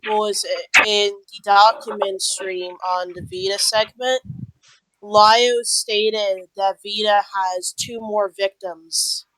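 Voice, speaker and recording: A woman's voice: medium pitch, no room sound, low-quality recording. A woman talking in a casual voice chat, hesitant and searching for words, indignant and swearing now and then.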